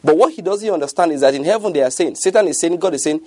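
A man's voice: fairly high pitch, quick pace, darkish tone, no echo. A man preaching a sermon, emphatic and often checking whether his listeners follow. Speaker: pastor.

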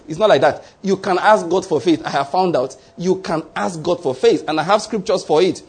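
A man's voice: high voice, fast, hardly any pauses, darkish tone, slightly rough. A man preaching a sermon, emphatic and repetitive, often checking whether his listeners follow him. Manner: emphatic, repeats key lines, asks the congregation questions.

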